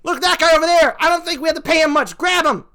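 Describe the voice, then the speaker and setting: Brief: a man playing a stingy male TV producer, high and quick, brushing things off. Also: pushed and bright. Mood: scheming. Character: cheap, scheming male TV producer.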